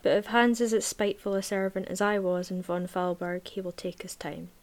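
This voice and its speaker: A woman reading a novel aloud in a measured, even voice, then chatting casually about the book. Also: medium pitch. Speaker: book reviewer.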